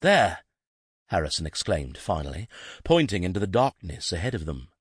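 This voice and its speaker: Deep husky male storyteller. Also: big pitch swings, a little fast, no echo, clean studio sound. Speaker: audiobook narrator. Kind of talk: scripted narration.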